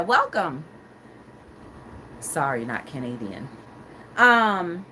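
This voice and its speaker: Lively woman host chatting with her stream, acts out quotes, faint noise behind. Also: medium pitch, moderate pace. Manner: animated storyteller, acts out quotes, laughs often. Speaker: livestream talk show host. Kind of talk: casual chat reading live comments.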